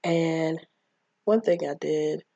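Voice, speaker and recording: A woman's voice: sits low, takes it slowly, vocal fry, warm tone, breathy edge, no room sound. A woman casually recapping a film, rambling and acting out the characters' lines. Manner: rambling, acts out quotes of characters. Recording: dull lo-fi mic.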